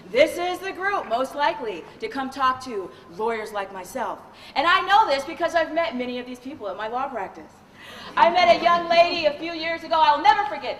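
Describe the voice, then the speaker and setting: Lively high-voiced woman trainer in an echoey hall. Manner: animated, humorous, quizzes the audience. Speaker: corporate trainer and attorney. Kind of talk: live seminar talk. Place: event hall with a live audience. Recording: echoey hall, faint noise.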